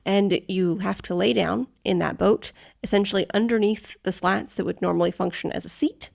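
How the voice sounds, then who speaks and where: Creaky woman explaining travel news. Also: mid-range voice, fairly even intonation, moderate pace, darkish tone. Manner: explains step by step, checks understanding. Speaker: podcast co-host. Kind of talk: casual chat, explaining news.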